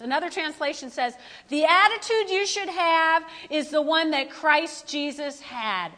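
A woman pastor preaching a sermon in a lively, playful way, talking straight to the congregation. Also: high voice, measured pace, few pauses, big-room sound. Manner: animated, playful, talks directly to the congregation.

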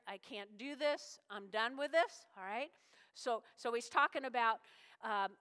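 Animated high-voiced woman preaching. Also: smooth, big-room sound. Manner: animated, folksy, acts out little voices. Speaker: pastor. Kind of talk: sermon.

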